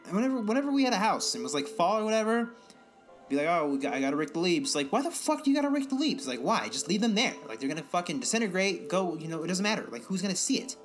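A young man with a somewhat high voice talks in a loose, meandering way, cursing often and building into animated rants. It is an unscripted podcast chat with faint music underneath. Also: very fast. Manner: rambling, profane, animated ranting. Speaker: podcast co-host. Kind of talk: casual chat.

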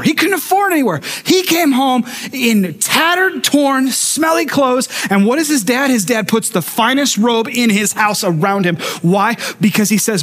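A man's voice: very high-pitched, fairly bright tone. A male pastor delivering a sermon, telling stories with humorous asides and acting out the voices of the people he quotes.

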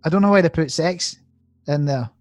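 A man, co-hosting a podcast, reading out tabloid headlines in a laid-back, deadpan way. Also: a little high, moderate pace. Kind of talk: casual banter.

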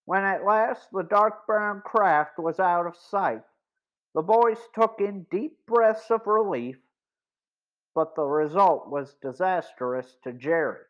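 Man, audiobook narrator, high voice, measured reading, muffled sound. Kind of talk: scripted story narration. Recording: dull lo-fi recording.

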